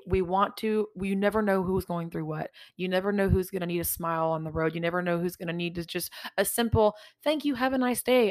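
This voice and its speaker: Earnest woman podcast host, low and dry. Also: dry recording. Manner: earnest, swears freely, repeats for emphasis. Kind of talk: casual heartfelt podcast chat.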